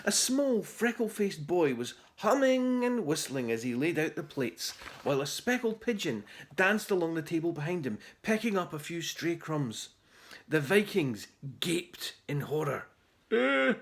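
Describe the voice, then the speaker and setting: A man reading his children's book aloud in an animated, theatrical way. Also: on the high side, unhurried.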